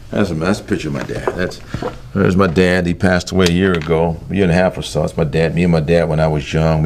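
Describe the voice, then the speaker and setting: A middle-aged man with a deep, gravelly voice tells his life story in an interview. He talks in an earnest, halting way and sinks quieter when the memories weigh on him. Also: a little hiss or hum. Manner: earnest, halting storytelling that drops soft at heavy moments. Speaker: interview guest. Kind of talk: personal testimony in an interview.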